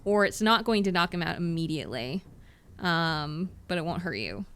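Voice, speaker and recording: A woman's voice: lowish voice, lively intonation, moderate pace, a bit bright, clean tone. A woman narrating a tabletop game as game master, in a loose, casual way.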